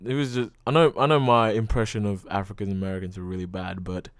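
Rambling, swearing man with a smooth voice. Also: on the low side, level tone, fast talker, no room sound, studio quality. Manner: rambling, full of "like" and frequent swearing. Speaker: podcast host. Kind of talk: casual solo podcast monologue.

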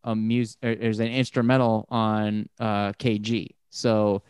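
A man talking casually about music, rambling and swearing, and he gets animated when excited. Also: on the low side, slow, smooth, no echo, clean studio sound.

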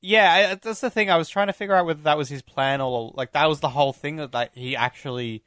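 A man's voice: a little high, quick pace, a bit bright, dry recording, studio quality. A man co-hosting a film podcast, chatting casually and laughing easily. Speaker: podcast co-host.

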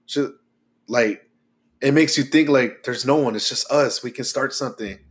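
A man's voice: mid-range voice, moderate pace. Casual-talking man co-hosting a podcast. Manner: relaxed, swears freely, lots of "like" fillers. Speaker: podcast co-host. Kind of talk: casual chat.

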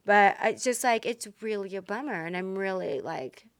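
A woman's voice: medium pitch, normal speed, dry recording. A woman with a Texan accent, chatting casually and animatedly as a podcast co-host. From Texas. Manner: chatty, animated, self-deprecating. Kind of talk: casual chat.

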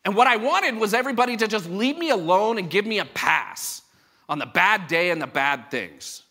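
Bright-voiced pastor preaching. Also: male voice, high voice, moderate pace. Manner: animated, acts out quoted voices. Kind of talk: sermon. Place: church service before a congregation.

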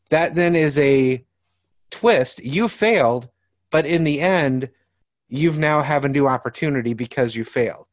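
A man's voice: medium pitch, a little slow, dry recording. Man talking tabletop game mastering. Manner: reflective, explains with examples. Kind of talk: casual podcast discussion.

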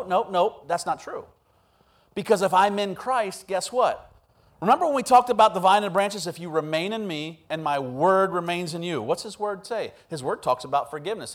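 A man with a high-pitched voice delivers a sermon. He tells funny stories and acts out quotes in an animated way before turning serious. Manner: humorous, animated preaching with acted quotes. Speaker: pastor.

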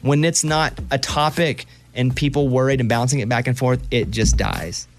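A man's voice: medium pitch, moderate pace, faint music behind. Chatty Southern man hosting radio. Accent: Southern US, Arkansas. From Arkansas. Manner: chatty, animated, self-deprecating. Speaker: radio show host. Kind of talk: casual radio talk.

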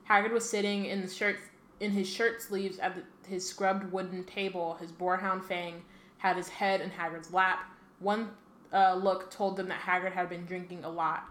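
A woman's voice: lowish voice, level tone, fairly bright tone. A woman podcast co-host who reads a novel aloud and chats casually, correcting herself often and filling gaps with 'like' and 'um'. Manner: quick reading with frequent self-corrections and fillers. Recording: echoey room with faint ambient noise.

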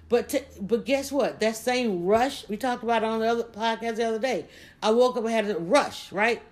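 Woman podcast host, energetic motivational monologue, speaking directly to her audience. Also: on the high side. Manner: energetic, preachy, talks straight to listeners.

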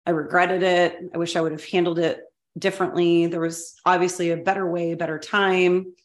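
A woman's voice: on the low side, level tone, brisk, reverberant. Candid, self-deprecating middle-aged woman. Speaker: podcast co-host, former school superintendent. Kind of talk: casual storytelling interview.

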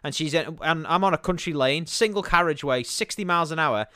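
A man's voice: on the high side, fast talker, bright, forceful tone, clear, resonant tone, dry recording, studio quality. A man co-hosting a podcast, ranting and mocking in casual, heavily profane banter. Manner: ranting, mocking, swears constantly. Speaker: podcast co-host.

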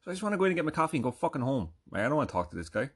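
A man's voice: medium pitch, sing-song, racing, breathy edge. A man hosting a podcast, telling a rambling comedic story full of swearing and fillers. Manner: rambling, profane, lots of fillers. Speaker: podcast host.

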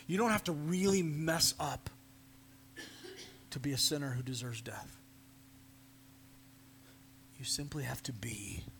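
Slow-preaching man, slightly high voice. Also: a bit bright, slight background noise. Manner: slow, earnest preaching, dropping to near-whispers. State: coughing, fighting a sore throat. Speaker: pastor. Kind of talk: sermon.

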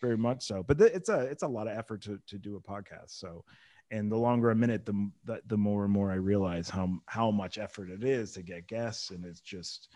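A man's voice: lowish voice, brisk, dark tone, no echo. A man from North Carolina, a comedian guest chatting on a podcast, rambling and full of restarts. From Charlotte, North Carolina. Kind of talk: casual podcast conversation.

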